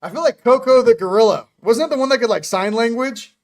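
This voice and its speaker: A man's voice: very high-pitched, expressive, quick pace. A man hosting a casual morning chat, joking and rambling as he goes. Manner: joking, rambling, self-interrupting. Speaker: host.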